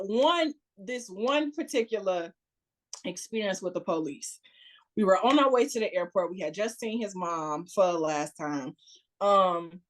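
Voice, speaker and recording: A woman with a Chicago accent, a podcast guest, telling a story casually, acting out quotes and laughing often. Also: medium pitch. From United States.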